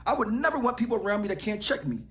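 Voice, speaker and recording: A man's voice: high-pitched, big pitch swings, rapid-fire, fairly bright tone, echoey room, faint music behind. A man ranting and taunting someone in a mocking way. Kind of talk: trash talk rant.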